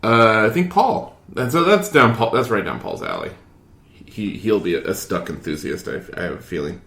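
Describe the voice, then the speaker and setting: A snarky podcast host in his thirties, chatting and laughing with his co-host. His pitch swings widely through the jokes. The room adds a roomy echo. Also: very animated, moderate pace, creaky, fairly bright tone. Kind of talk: casual chat.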